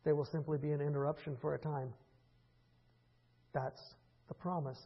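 A man preaching a conversational sermon, rising into impassioned stretches and then falling quiet again. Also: a little high, flat delivery, normal speed, husky, muffled recording. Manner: conversational preaching, builds to impassioned peaks with laughs. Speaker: pastor.

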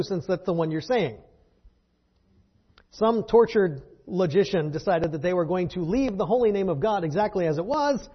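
A man's voice: a little high, highs cut off. A man teaching a Bible lesson to a group in a conversational, wry way, with fillers and rhetorical questions.

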